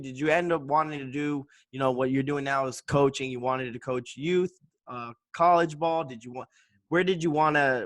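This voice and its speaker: A man hosting a casual interview, reacting warmly and talking with many repeated restarts. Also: mid-range voice. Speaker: host.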